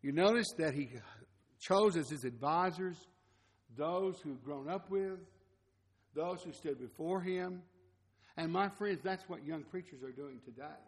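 A middle-aged man preaching a sermon, reading scripture aloud and then commenting in a conversational way, with quiet asides. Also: a little high, a little slow, long reverb tail.

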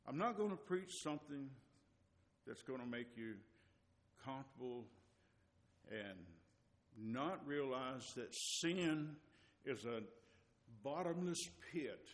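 Emphatic preacher in a reverberant church. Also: male voice, medium pitch. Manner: emphatic, repetitive, rises to near-shouting for emphasis. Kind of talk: sermon. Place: church hall. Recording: long reverb of a church hall.

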